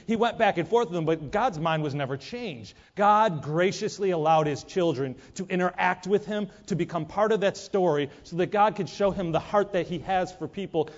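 A man preaching a sermon, emphatic and animated, who acts out whiny prayers in a mocking voice. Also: high-pitched. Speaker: pastor. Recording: dull lo-fi sound with long hall reverb.

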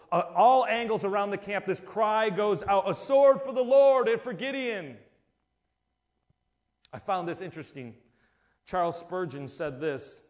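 High-voiced animated male pastor preaching. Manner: animated, acts out voices, rises and drops in volume. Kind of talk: sermon. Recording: dull lo-fi sound.

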